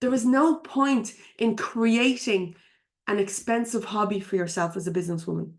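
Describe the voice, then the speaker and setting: An Irish business coach runs a live webinar from her home computer, her voice medium in pitch and her pace moderate. She's chatty and frank, laughing often and swearing casually.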